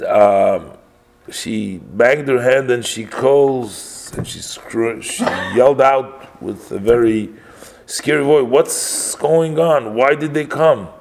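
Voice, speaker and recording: Slow, low-voiced man teaching. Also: vocal fry, darkish tone. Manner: halting, with frequent pauses and self-corrections. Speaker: religious teacher. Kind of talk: storytelling lesson.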